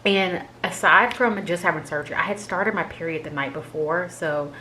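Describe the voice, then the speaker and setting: Low-voiced woman telling a chatty story. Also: normal speed, bright, forceful tone, a little hiss or hum, low-quality recording. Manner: chatty, filler-heavy with frequent "like"; candid and emotional recounting. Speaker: vlogger sharing a health update. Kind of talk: casual personal storytelling.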